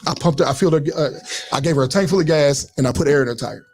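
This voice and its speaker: A man telling stories in casual chat, quick and animated, swearing freely. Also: a little high, soft background music. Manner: storytelling with quoted voices, swearing.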